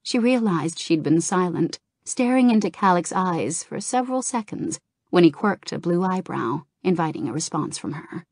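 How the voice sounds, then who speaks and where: A woman narrating a fantasy novel in a calm, even storytelling manner. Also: on the low side, moderate pace, no echo, studio quality. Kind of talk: audiobook narration.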